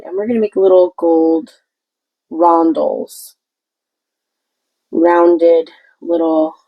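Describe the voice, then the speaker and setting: A woman with a low, gravelly voice walks through a craft tutorial while she paints. Her tone is dark and mellow with a husky edge. She talks in a chatty, meandering way and restarts her sentences often. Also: poor audio.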